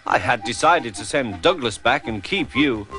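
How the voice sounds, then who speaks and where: A man's voice: medium pitch, animated, bright, forceful tone, faint music behind. A man as a stern, pompous railway boss. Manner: stern, measured.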